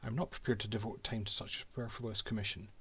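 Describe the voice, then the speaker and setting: A man's voice: fairly low pitch, fairly even intonation, fast, noisy background, natural voice. A Scottish man reading as a pompous cartographer. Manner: pompous, old-fashioned diary prose. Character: haughty male Scottish cartographer writing his diary. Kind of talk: reading a game diary aloud.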